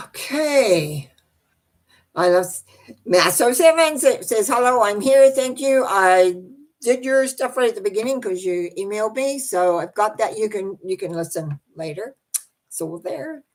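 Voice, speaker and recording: Woman, older, psychic host, soft-spoken, halting, live-stream chat. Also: medium pitch. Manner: soft-spoken, thinking aloud, frequent restarts. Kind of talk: live-stream reading of viewer comments.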